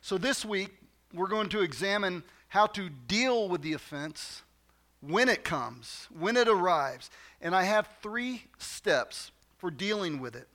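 A man's voice: high voice, animated, measured pace, fairly bright tone. A man preaching a sermon as pastor in a church, talking conversationally to the congregation and repeating phrases for emphasis.

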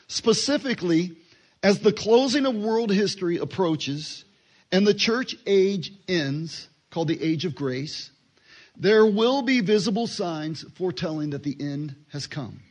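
A man giving a relaxed Bible teaching, talking conversationally and acting out short dialogues. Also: sits high. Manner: conversational, acts out little dialogues, fillers.

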